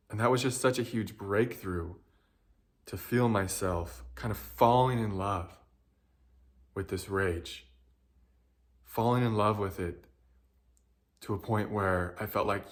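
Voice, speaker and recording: A young man speaking in an earnest, emotional way, sharing a personal reflection and often pausing to search for words. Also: on the low side. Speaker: spiritual guide.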